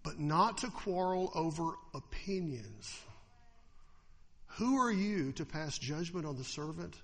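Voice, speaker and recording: A man preaching a sermon as pastor, animated, slipping into mocking voices to act out the attitudes he describes. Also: on the high side, long reverb tail.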